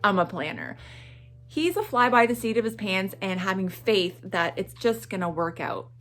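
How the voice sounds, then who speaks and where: A middle-aged woman from Atlantic Canada chatting through a morning vlog in an animated way. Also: mid-range voice, normal speed. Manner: animated and chatty, with frequent laughs and self-talk asides. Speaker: vlogger.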